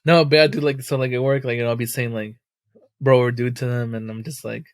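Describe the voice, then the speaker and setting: Podcast co-host, male, mid-pitched, halting and chatty, dry close-miked sound. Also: level tone, no echo. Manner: halting, many restarts and fillers. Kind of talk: casual chat.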